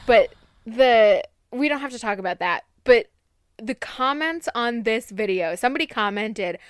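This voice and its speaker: A woman's voice: on the high side, animated, unhurried, smooth, dry recording, clean studio sound. A woman in casual chat, playful and giggly, jumping from topic to topic.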